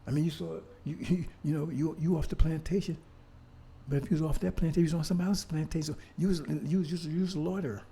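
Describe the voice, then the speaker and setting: Gravelly older man preaching fiercely. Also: fairly high pitch, steady tone, quick pace, mellow. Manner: fiery, repetitive, rhetorical questions, swears. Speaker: speaker on history. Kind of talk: impassioned street-style lecture.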